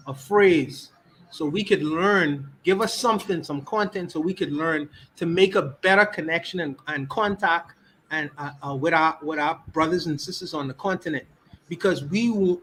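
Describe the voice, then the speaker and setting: A man's voice: high voice, a bit bright, a little hiss or hum, rough recording. A Bahamian man with a Bahamian accent, speaking on a livestream podcast and repeating his key words for emphasis.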